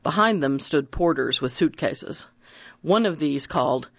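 Lively, expressive audiobook narrator. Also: mid-range voice, moderate pace, dry recording. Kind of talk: scripted narration. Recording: dull dry audiobook recording.

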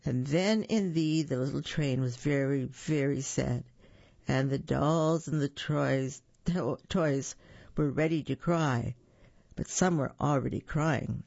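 A storyteller reads a picture book aloud, pausing to describe the pictures and stumbling over words now and then. The voice has a gravelly grain. The recording is dry and dull, a little lo-fi. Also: mid-range voice, a little mellow, dry recording.

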